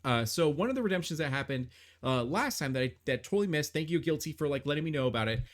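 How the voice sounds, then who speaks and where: A man's voice: a little high, lively intonation, fast talker. A man narrating as game master of a tabletop game on a live stream, rambling with many fillers and restarts.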